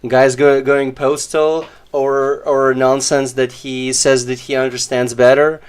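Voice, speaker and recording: A man's voice: medium pitch, level tone, a little slow, clear, resonant tone. A man streaming a game, chatting casually and sarcastically, rambling with lots of fillers. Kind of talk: casual live-stream chat.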